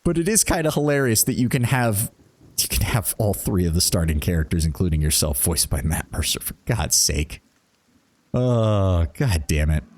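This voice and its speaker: A man with a fairly low voice chatting through a game stream. He rambles, laughs easily, and reads the game's text aloud in between his remarks. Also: very animated, normal speed, darkish tone. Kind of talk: casual gameplay commentary and reading game text.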